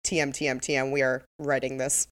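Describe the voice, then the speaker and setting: A woman's voice: a bass voice, level tone, a little fast. A woman co-hosting a podcast, chatting casually about a TV episode with dry, sarcastic humor and frequent laughter. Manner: dry, sarcastic, laughs at her own jokes. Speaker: podcast co-host. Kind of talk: casual chat recapping a TV episode.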